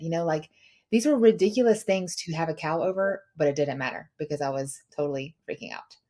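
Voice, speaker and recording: A middle-aged woman hosting a podcast, telling a personal story in a chatty, animated way with lots of filler words. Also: deep voice, quick pace. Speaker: podcast host; mother of daughters. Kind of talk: casual storytelling chat.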